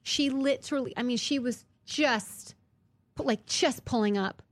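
Animated woman with a dry close sound. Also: a little slow, no echo. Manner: animated storyteller, voice jumps high when retelling arguments. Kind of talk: casual chat.

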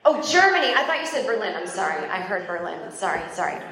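A woman's voice: mid-range voice, very animated, fast talker, a bit bright. A woman in her forties doing stand-up comedy and chatting with the crowd in a rambling, self-deprecating, profane way. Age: 40s. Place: comedy club stage. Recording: very echoey club with noise.

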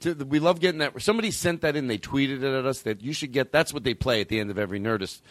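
A man's voice: medium pitch, fast talker, no room sound, soft background music. A man hosting a comedy podcast, rambling and swearing in casual banter. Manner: profane, rambling, animated. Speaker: podcast host.

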